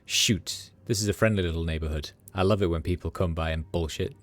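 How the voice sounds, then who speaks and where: Here a man reads game lines on a livestream in a low, brisk, lightly acted voice. His character is a cheerful, hungover street doctor of middle age who brags and cracks jokes, speaking in a slack Midwestern American drawl where words tumble into each other. The mood stays relaxed throughout.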